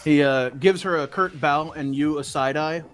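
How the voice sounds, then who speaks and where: A man running a tabletop role-playing game, narrating in a loose, casual way with plenty of swearing and filler words. Faint guitar music plays quietly behind him. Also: a little high, normal speed. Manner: casual and profane, full of fillers. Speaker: game master.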